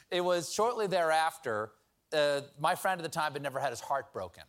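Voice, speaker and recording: A man's voice: a little high, animated, fairly quick, a bit bright. A middle-aged man hosting a casual question session with a studio audience, telling stories in a playful, self-mocking way. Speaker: talk show host.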